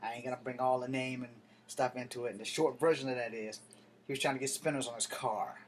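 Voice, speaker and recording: A man in his thirties vents straight to his audience, wandering off track as he talks. His delivery is profane and fired up, with a voice of middling pitch. A faint hiss sits under the recording. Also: steady tone, quick pace. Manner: profane, heated, digressive street talk. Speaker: vlogger. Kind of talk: casual rambling storytelling to camera.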